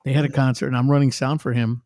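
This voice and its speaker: Dry-sounding man telling lively stories. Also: medium pitch, fast talker, dry recording. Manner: animated storyteller who laughs often. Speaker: musician guest. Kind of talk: casual podcast chat.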